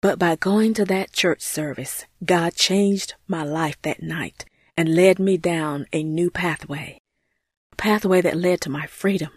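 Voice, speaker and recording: A woman's voice: fairly low pitch, a little slow, slightly rough, no room sound, clean studio sound. A woman voicing an earnest, grateful churchgoing woman in an amateur audio drama, speaking heartfelt and sincere. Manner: heartfelt, earnest, often says his name.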